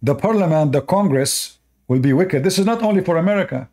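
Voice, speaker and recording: A man with a somewhat high voice delivers preachy reaction commentary, indignant and scolding. He speaks English with non-native grammar and keeps asking his listeners whether they agree. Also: lively intonation, a little fast, a little mellow. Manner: indignant, preachy, asks the audience rhetorical questions. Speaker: online religious commentator.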